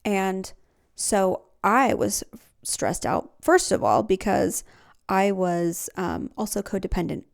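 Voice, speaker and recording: A woman's voice: mid-range voice, expressive, slow pace, gravelly. A woman hosting a podcast, talking earnestly in a casual self-help style and laughing often. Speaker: podcast host.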